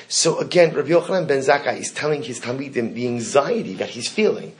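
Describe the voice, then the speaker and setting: Animated man teaching a Talmud class. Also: medium pitch, a little fast, hardly any pauses. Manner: animated, rhetorical questions, repeats phrases. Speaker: Torah teacher.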